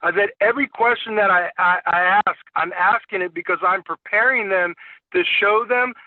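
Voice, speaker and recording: High-voiced man on a tinny call. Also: moderate pace, no room sound. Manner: storytelling, acting out client dialogue; repeats words when restarting. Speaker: insurance sales agent. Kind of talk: sales training talk. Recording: tinny phone-like call audio, dry.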